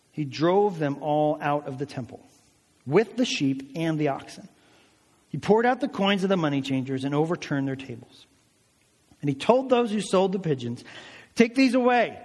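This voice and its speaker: A man with a slightly high voice preaches a sermon, retelling a story in a loose, conversational way full of rhetorical questions. His words ring out with a long reverb, as in a church sanctuary. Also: big pitch swings, normal speed, long pauses, a little mellow, husky. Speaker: pastor.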